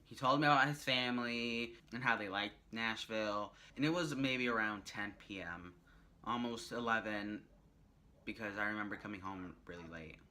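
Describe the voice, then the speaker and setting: A young man vlogging, telling a rambling story in a chatty, animated way. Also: fairly low pitch, moderate pace. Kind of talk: casual storytelling vlog.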